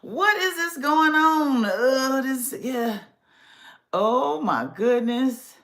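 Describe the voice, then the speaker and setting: A sassy woman hosts her podcast in a fairly high voice. She talks casually and straight to her listeners, with lots of animation. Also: lively intonation, extremely slow, fairly bright tone. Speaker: podcast host.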